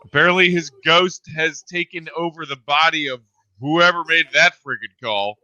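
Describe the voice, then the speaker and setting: A man's voice: a little high, moderate pace, sharp tone, dry recording, dull audio. A man co-hosting a casual live game-watch podcast, reacting with exasperated disbelief. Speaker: podcast co-host.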